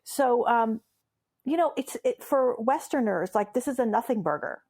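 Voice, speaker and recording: With a voice on the high side, lively intonation, and a slightly mellow quality, this Iranian humorist and memoirist talks at a normal speed. Her first language is Farsi, and she tells interview stories with playful emphasis and frequent laughter.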